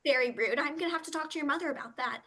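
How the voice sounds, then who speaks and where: A woman's voice: high-pitched, very fast, pushed and bright. A woman playing a frazzled mother who keeps scolding her kids over the phone. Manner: scolding, distracted. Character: frazzled single mom guest, always on the phone. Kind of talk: improv comedy.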